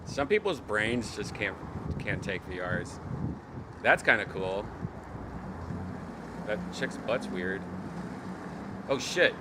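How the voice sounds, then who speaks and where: A man talks over clips in a loose, profane reaction commentary, and his pitch leaps all over the place from one exclamation to the next. His exasperation spills into laughs and shouts, and a steady noise sits under his voice throughout the recording. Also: slow, pauses often. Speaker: host reacting to a video list.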